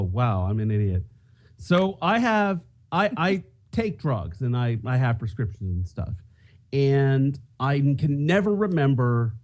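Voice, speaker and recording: A man's voice: medium pitch, a little mellow. A man co-hosting a podcast, telling a self-mocking story in casual chat. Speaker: podcast co-host.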